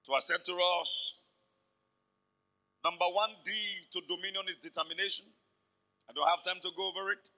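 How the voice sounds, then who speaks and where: Bright high-voiced pastor preaching. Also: male voice, normal speed, pauses often, low-quality recording. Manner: animated preaching, acts out quoted voices. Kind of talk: sermon.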